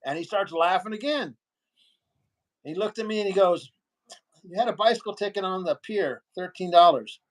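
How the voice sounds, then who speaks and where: A man's voice: high-pitched, normal speed, pauses often. A man telling a long story in a casual interview, acting out what other people said. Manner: animated storyteller, acts out other people's lines. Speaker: guest.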